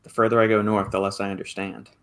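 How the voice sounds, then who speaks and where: A man's voice: fairly low pitch, level tone, quick pace, fairly bright tone. A man hosting a livestreamed podcast, easygoing, reading out viewer comments and thanking donors. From America. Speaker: podcast host. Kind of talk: casual chat, livestream hosting.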